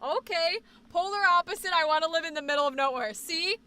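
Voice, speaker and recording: A young woman with an extremely high voice hosts a casual livestream, reading viewer comments and chatting about where she likes to live. Born in Boston and raised on the New Hampshire border, she has a faint Boston accent. She's chatty and animated, speaking in fast bursts that trail off into fillers.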